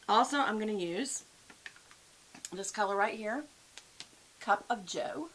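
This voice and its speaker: A woman's voice: medium pitch, animated, moderate pace, pauses often, a bit bright, poor audio. An older woman with a Southern US accent, chatting folksy and friendly through a makeup tutorial. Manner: chatty, folksy, addresses viewers as y'all. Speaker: beauty vlogger. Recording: faint background hiss.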